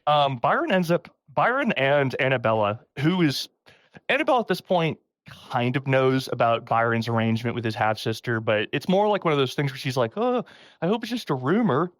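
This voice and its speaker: Lively, laughing male podcast storyteller. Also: mid-range voice, brisk, dry recording. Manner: animated, laughing often, acts out quotes in a raised voice. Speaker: podcast host.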